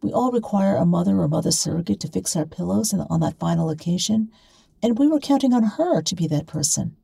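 A chatty, outspoken middle-aged woman who talks in a brisk, forthright way, as a woman reading a story puts her on. Her voice is low, dark and husky. It is close and dry. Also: animated, no echo, heavily acted.

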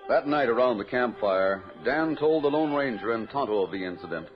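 A man narrating a 1940s radio drama in a crisp, dramatic storytelling manner. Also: mid-range voice, expressive, a little fast. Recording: dull old radio broadcast with music.

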